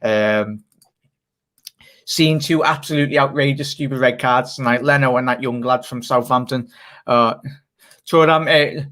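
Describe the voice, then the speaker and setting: Chatty English host reading fan comments. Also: male voice, mid-range voice, steady tone, normal speed, a bit bright. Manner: chatty, reads viewer comments aloud, laughs often. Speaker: channel host. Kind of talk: casual live stream chat.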